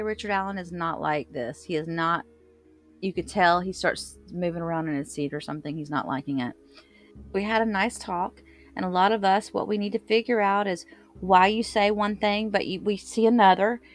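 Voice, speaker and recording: A woman recaps a court case in a loose, chatty way, full of filler words and restarts. Her voice sits at an ordinary pitch. Faint music plays under her speech. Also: moderate pace. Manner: loose recap with filler words and self-corrections, quoting others. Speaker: true crime commentator. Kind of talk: casual retelling of court testimony.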